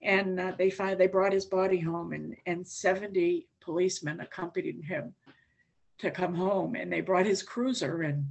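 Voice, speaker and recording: A woman's voice: on the low side, fairly even intonation, moderate pace, creaky, darkish tone, slightly rough. An older woman giving a recovery talk to a meeting, telling her story in a plain, candid way with a dry wit. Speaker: AA speaker. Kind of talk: recovery share.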